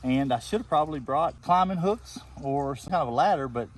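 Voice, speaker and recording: A man's voice: a little high, lively intonation, a little fast. Folksy older man outdoors. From southern Oklahoma. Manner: folksy, rambling, repeats himself. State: out of breath. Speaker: vlogger. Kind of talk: casual outdoor how-to narration. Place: outdoors in the woods.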